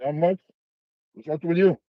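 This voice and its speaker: A man's voice: fairly high pitch, normal speed, no room sound, highs cut off. Chatty man hosting a live stream. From Canada. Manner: chatty, thanks viewers by name, reads comments aloud. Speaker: livestream host. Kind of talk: casual live chat while eating.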